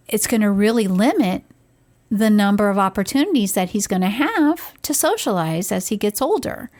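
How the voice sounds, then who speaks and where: A middle-aged woman co-hosting a podcast, telling a story in an animated way and acting out what others said. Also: mid-range voice. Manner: animated, acts out quoted voices. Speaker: podcast co-host, parent. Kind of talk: casual conversational storytelling.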